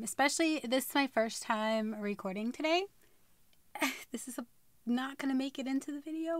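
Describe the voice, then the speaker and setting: A woman's voice: sits high, animated, a little fast, no echo, clean studio sound. A young woman vlogging casually to camera, bubbly and laughing at her own retakes. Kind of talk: casual vlog to camera with bloopers.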